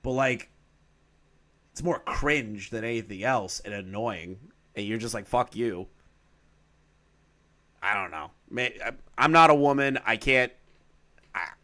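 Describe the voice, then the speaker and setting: Male commentary YouTuber reading a document aloud, mid-range pitch, loose and profane, dry sarcastic asides. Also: sharp tone.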